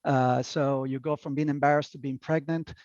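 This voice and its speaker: A man's voice: mid-range voice, flat delivery, moderate pace, a little mellow, no room sound. A man giving a casual talk about slides, chatty and full of fillers and restarts, sometimes laughing at his own jokes. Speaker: lecturer presenting slides. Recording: dull, muffled, dry sound.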